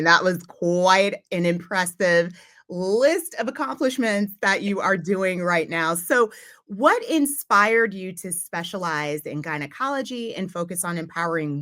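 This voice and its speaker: A woman's voice: fairly low pitch, unhurried, fairly bright tone. A woman hosting an interview show, reading a polished introduction of her guest and asking questions. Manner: reads a polished scripted introduction. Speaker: podcast host.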